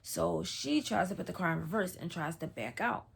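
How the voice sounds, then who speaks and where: A young woman tells a story straight to camera, casual and profane. Her pitch swings wildly as she acts out quotes, and her voice has a gravelly, husky edge. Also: big pitch swings, normal speed. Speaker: vlogger telling a personal story.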